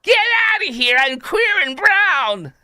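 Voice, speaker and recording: A man putting on a shrill, whiny sing-song voice. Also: expressive, moderate pace, a bit bright, no room sound, studio quality. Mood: mocking. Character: shrill mocked self-pitying man.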